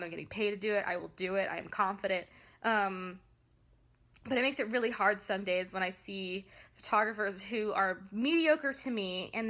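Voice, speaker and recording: A woman's voice: fairly high pitch, bright, forceful tone. A young woman venting in a vlog about her photography work, emphatic and upset, with many fillers and restarts. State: upset, near tears. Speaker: vlogger and photographer. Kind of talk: ranting vlog to camera.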